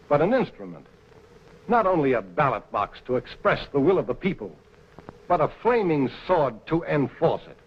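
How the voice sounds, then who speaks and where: A man's voice: fairly high pitch, slightly rough, exaggerated voice. An actor playing an impassioned newspaper publisher warning his colleagues, oratorical, in 1940s film acting on dull lo-fi old film sound. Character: impassioned anti-Nazi newspaper publisher, middle-aged man.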